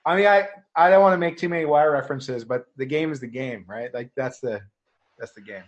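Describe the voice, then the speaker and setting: A man co-hosting a podcast, chatting casually and trailing off quietly at the ends of his thoughts. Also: medium pitch, fairly quick. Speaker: podcast co-host. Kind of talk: casual conversational chat. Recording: dull lo-fi remote audio.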